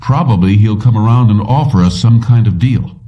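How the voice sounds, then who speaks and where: A man voicing a weary middle-aged police commissioner who talks in a somber, measured way. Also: fairly low pitch, distant mic, highs cut off, close to an everyday voice.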